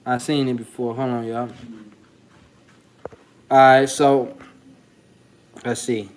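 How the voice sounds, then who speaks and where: A man's voice: medium pitch, level tone, slow pace, a little mellow, clear, resonant tone. A man hosting his dog-breeding channel, talking in loose, slangy, rambling commentary. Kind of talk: casual vlog commentary.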